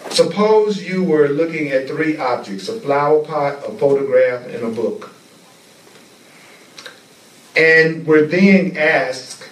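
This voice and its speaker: A man teaching a spiritual class, speaking slowly and deliberately and repeating key phrases for emphasis. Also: fairly high pitch, a little hiss or hum. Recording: echoey room, mic at a distance.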